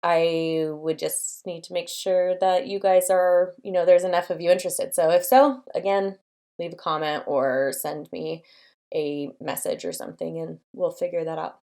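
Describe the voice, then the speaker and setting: Young woman host, low-ish voice, casual encouraging advice, filler-heavy delivery. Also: fairly even intonation, moderate pace, dark tone. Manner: encouraging, chatty, lots of fillers. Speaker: design studio owner and channel host.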